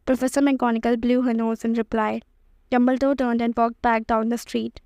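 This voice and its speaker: Woman reading an audiobook, flat and dry. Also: fairly high pitch, moderate pace, no room sound. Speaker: audiobook reader. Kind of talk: audiobook narration.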